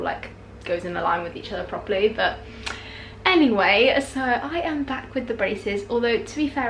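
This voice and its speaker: A woman's voice: mid-range voice, roomy sound, slight background noise. A young British woman chatting casually in a food vlog at home, bubbly and full of "like". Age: young adult. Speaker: vlogger. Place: home kitchen and garden.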